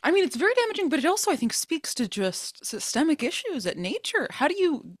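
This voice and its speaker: A woman's voice: high-pitched, very animated, fairly quick, dry recording. Young woman co-hosting tech talk, dry sound. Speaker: tech journalist co-host. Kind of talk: casual tech news chat.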